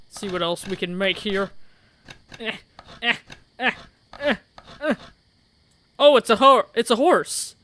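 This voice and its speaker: A man hosting a game playthrough, reading the game text aloud and joking around in a playful, excitable way. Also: high voice, unhurried, pauses often. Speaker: gaming channel host. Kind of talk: let's play commentary, reading game text.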